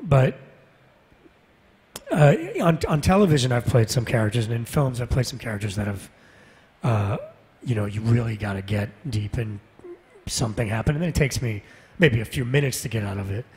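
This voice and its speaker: A man's voice: medium pitch, normal speed. A man who voices game characters, chatting casually on a convention panel and laughing often. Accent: Canadian. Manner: laughs often, relaxed and self-deprecating. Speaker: voice actor guest on a convention panel. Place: large convention hall stage. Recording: long hall reverb, husky voice.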